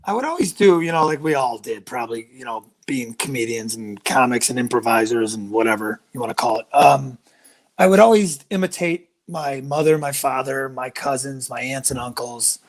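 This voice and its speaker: A man guesting on a podcast over a video call, an animated storyteller who slips into impressions. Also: mid-range voice, moderate pace, poor audio. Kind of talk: casual podcast chat.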